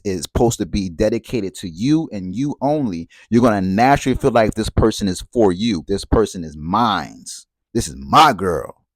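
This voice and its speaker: Man, lowish voice, dry close sound, reflective talk peppered with "right?". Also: a little mellow, no echo. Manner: conversational, asks rhetorical questions and checks in with "right?"; repeats phrases for emphasis. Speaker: speaker on relationships and spirituality. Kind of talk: reflective spoken monologue.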